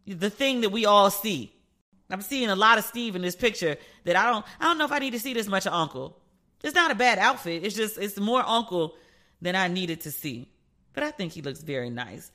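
A woman's voice: mid-range voice, sharp tone. A middle-aged woman hosting a podcast, chatting playfully about celebrity news and slipping into voices to act out what people said. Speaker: podcast host. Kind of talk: casual pop-culture commentary.

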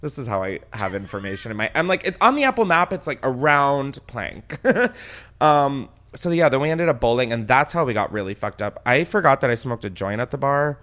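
A male podcast host with a lively, swooping voice who rambles through comic stories. He mocks himself and swears freely, and he jumps into high excited tones when a story peaks. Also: fairly quick. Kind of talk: casual comedic storytelling.

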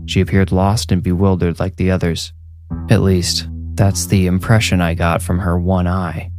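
A man narrating a first-person horror story in a measured, grim way. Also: sits low, darkish tone.

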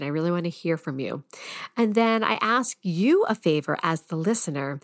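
A woman hosts a podcast in an upbeat, chatty way and laughs easily. Her voice sounds dry and close, with no room echo. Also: fairly low pitch. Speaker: podcast host. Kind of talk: casual podcast interview.

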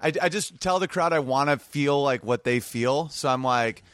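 A man who is a comedian guest, telling crude stories in casual podcast chat, lively and breaking into sung bits. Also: medium pitch, normal speed, smooth, no room sound, studio quality. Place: home man cave.

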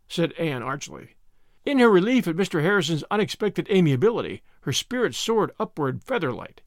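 A man narrating a classic novel aloud with expressive, animated storytelling. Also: on the high side, brisk, no room sound, studio quality. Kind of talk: audiobook reading of a classic novel.

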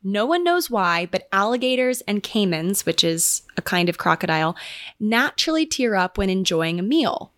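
A woman's voice: medium pitch, sing-song, moderate pace, fairly bright tone, no room sound. Chatty young woman podcast host, dry sound. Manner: chatty, rambling, many "like" fillers. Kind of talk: casual solo podcast chat. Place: home.

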